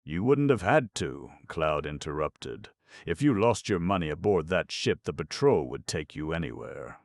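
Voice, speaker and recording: A man's voice: low voice, sing-song, moderate pace, gravelly, dry recording, studio quality, exaggerated voice. A man reading an audiobook, voicing a courteous and firm male ship captain who speaks politely and directly. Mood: reassuring.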